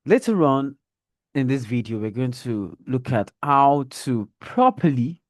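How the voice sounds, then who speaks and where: A man teaching a reading lesson, speaking deliberately and modelling intonation as he reads a children's story aloud. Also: medium pitch, lively intonation, no room sound, clean studio sound. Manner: slow, deliberate, demonstrates intonation.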